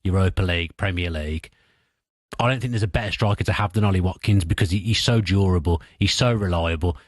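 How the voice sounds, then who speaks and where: A man with a Birmingham accent giving thoughtful, animated football analysis as a pundit on sports radio, speaking into a studio mic. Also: sits low, fast talker, dry recording.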